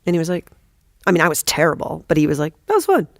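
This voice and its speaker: Fast-talking, gravelly woman telling stories. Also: deep voice, dry recording, clean studio sound. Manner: rapid, animated, swears freely. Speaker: guest, comedic actress. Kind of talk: casual podcast storytelling.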